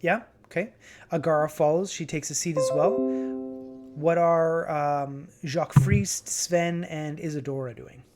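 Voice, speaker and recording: A man narrating as game master in a tabletop game, relaxed and hesitant, with many fillers. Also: on the high side, unhurried, loud music behind the voice.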